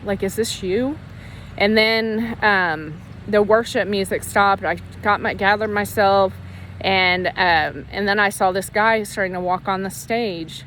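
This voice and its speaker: A woman tells her faith story in an earnest, emotional way. She rambles and restarts her sentences often. Her voice sits at an ordinary middle pitch, with a faint hiss of noise in the background. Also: steady tone, unhurried, fairly bright tone. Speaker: Christian ministry leader sharing her testimony. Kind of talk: personal faith testimony, casual storytelling.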